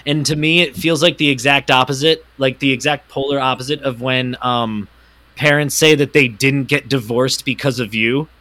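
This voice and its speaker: A man's voice: medium pitch, steady tone, moderate pace, bright, forceful tone. A man co-hosting a casual podcast, ranting animatedly about a movie with lots of swearing. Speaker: podcast co-host. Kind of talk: casual comedic chat.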